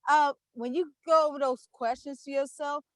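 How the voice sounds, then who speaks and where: A woman's voice: high voice, steady tone, normal speed, no room sound. A woman calling in to a live coaching session, chatting in a friendly, easygoing way. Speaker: caller on a live coaching call. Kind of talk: casual chat.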